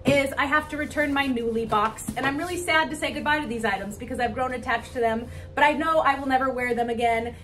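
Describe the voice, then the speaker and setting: A young woman vlogging casually to camera, bubbly and gushing with excitement. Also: fairly high pitch, far from the mic, slight background noise. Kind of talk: casual vlog talk to camera.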